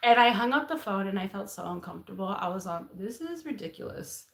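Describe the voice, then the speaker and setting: A woman's voice: medium pitch, fast, creaky, noisy background. A young woman co-hosting a casual chat, telling a story with laughs and acted-out quotes. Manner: animated, acts out quoted voices, laughs often. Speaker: co-host, host's wife. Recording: roomy echo.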